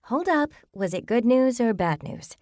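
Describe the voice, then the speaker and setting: A woman's voice: a little high, sing-song, unhurried, darkish tone, no room sound, studio quality, pitched above the performer's own voice. A woman voicing a blunt, scornful, foul-mouthed woman among friends in an audiobook.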